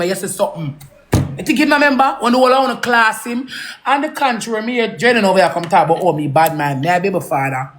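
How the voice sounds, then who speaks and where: Jamaican woman, heated rant, cusses and repeats, bright forceful tone. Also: medium pitch, slight background noise. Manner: angry, swearing, repeats herself. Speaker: social media personality.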